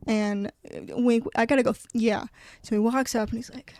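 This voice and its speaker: A young woman chatting casually about a book, rambling, animated and swearing freely. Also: on the high side, fairly quick, a little hiss or hum. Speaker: book reviewer. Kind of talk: casual chat.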